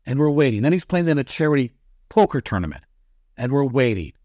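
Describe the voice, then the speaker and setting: A sports broadcaster, a man, telling excitable stories as a guest on a podcast interview. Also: mid-range voice, brisk, no room sound, clean studio sound. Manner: animated, excitable storyteller.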